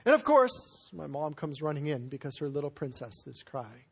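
Male pastor, husky tone, lively storytelling sermon. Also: fairly high pitch, normal speed, hardly any pauses. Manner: animated storytelling with sudden loud bursts.

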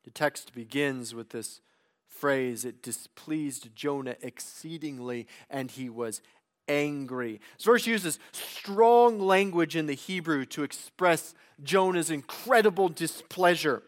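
A man preaching an expository sermon in a deliberate way, sinking low and quiet to stress key words.

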